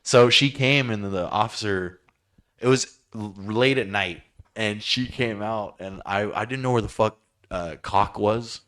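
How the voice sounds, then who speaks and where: A man's voice: lowish voice, measured pace, a bit bright. A man hosting a podcast, telling a story in a profane, rambling, self-mocking way. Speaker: podcast host. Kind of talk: casual storytelling.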